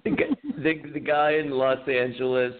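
A man's voice: medium pitch, steady tone, normal speed, clean tone. A man co-hosting a podcast, chatting casually, swearing often and teasing his friend. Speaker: podcast co-host. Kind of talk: casual crude chat. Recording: phone-like narrow sound.

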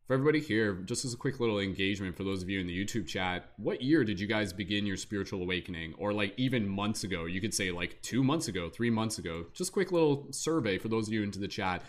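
A man's voice: fairly low pitch, animated, quick pace, few pauses. A man hosting a live online panel in a casual, enthusiastic way, rambling with lots of "like" and restarts, heard over a video call.

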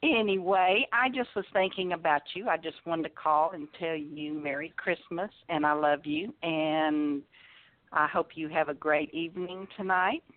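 A woman calling in to a show, speaking affectionately in a halting, gentle way. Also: low-pitched, no room sound. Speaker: caller. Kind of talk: phone call to a show. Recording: tinny phone line.

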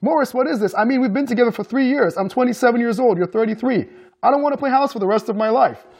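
A man's voice: extremely high pitch, lively intonation, quick pace, a little mellow, voice pushed up. Man voicing a pleading, frustrated young man. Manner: pleading, rising and urgent.

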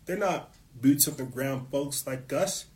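A man's voice: medium pitch, unhurried, a little mellow. A man hosting his own show, delivering an impassioned political monologue, fired up and swearing often. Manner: fired up, profane, preachy. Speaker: show host.

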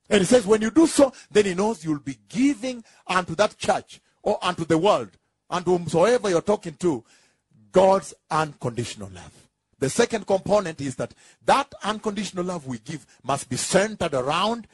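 Husky high-voiced man preaching a sermon. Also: lively intonation, no echo, clean studio sound. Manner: emphatic and repetitive, rising into drawn-out shouts; asks the congregation for confirmation.

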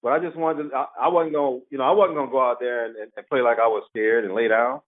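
A man's voice: medium pitch, fast talker. A man who played pro basketball, telling stories in an interview and acting out the quotes. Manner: animated storyteller, acts out quotes. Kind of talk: storytelling interview. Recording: tinny phone-like line.

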